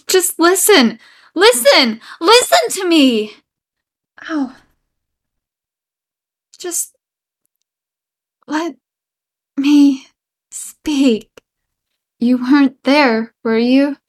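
An unstable young woman fixated on the listener, acted by a woman, in an audio role-play. Her voice sits high and light, and she draws her words out slowly. She pleads sweetly, then slides into menace and nervous laughter. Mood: unhinged, menacing.

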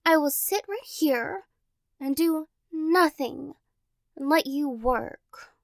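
A high, unhurried voice of a teasing girlfriend, played by a young woman. She is clingy and playfully dramatic, with a slight vocal fry, close to the mic in a dry, quiet room. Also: no echo, heavily acted. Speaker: role-play performer. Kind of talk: girlfriend role-play audio.

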